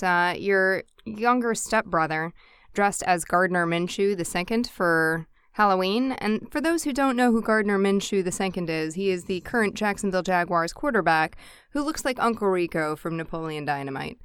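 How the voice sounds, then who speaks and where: Deadpan, smooth-voiced woman co-host. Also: medium pitch, normal speed, no room sound, clean studio sound. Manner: deadpan, sarcastic. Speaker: podcast co-host. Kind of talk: casual banter.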